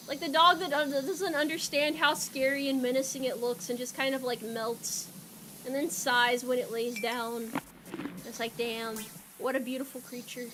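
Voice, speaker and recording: A woman's voice: high voice, a bit bright, a little hiss or hum. A young woman streamer chatting casually with her viewers while she plays, rambling and joking and laughing often.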